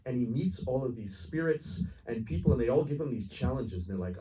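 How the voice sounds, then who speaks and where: A man's voice: mid-range voice, fast, few pauses, warm tone. A man answering audience questions after a screening, rambling and earnest, with many restarts and frequent laughs. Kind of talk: casual Q&A answer, storytelling. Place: cinema theater with audience. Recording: distant voice, faint noise, live audience room.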